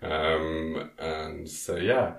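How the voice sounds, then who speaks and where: A man's voice: rumbling low, steady tone, drawn-out words, gravelly, roomy sound. A man recapping a film in casual chat, rambling with many ums and frequent laughs. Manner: rambling, many ums, laughs often, quotes characters in silly voices. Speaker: podcast co-host recapping a film.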